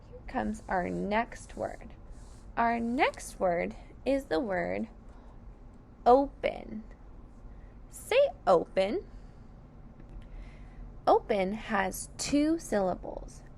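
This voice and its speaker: A woman teaching phonics to young children, sounding out each word slowly and clearly, syllable by syllable. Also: mid-range voice, expressive, a little mellow, a little hiss or hum. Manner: slow and over-enunciated, sounding out syllables. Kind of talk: slow, deliberate phonics lesson for children.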